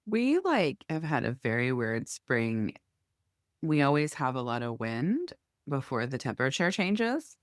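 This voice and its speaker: A middle-aged woman co-hosting a podcast, telling a long story in a lively, chatty way. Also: rumbling low, unhurried, no echo, studio quality. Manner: lively storytelling, acts out quoted neighbors. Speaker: podcast co-host. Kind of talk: casual chat.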